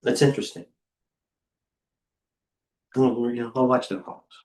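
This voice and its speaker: This middle-aged head trader and market coach speaks in a mid-range, slightly mellow voice at a moderate pace, leaving long pauses. During his live trading stream he gives blunt, rambling stock commentary, interrupting himself mid-thought.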